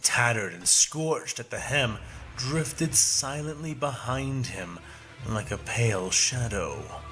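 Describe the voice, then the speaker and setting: A man reading a scripted story in a measured, dramatic narration. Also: mid-range voice, expressive, pushed and bright. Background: music.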